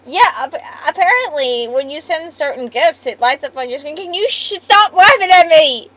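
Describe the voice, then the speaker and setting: A woman's voice: high-pitched, lively intonation, moderate pace, a bit bright, dry recording. A woman streamer in casual live-stream chat, trading profane, playful mock-angry banter.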